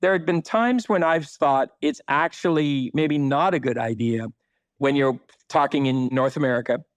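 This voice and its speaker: Speaking at a medium pitch and normal pace, a man with a smooth voice appears as a city planner in a conversational podcast interview. He's emphatic and blunt and swears now and then, and the recording is dry.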